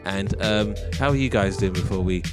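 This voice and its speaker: A playful man hosts a casual podcast chat, his voice sitting low. He jokes and laughs easily with his co-hosts. Music runs in the background. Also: moderate pace. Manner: playful, jokey, laughs often. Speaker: podcast host. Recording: music playing behind.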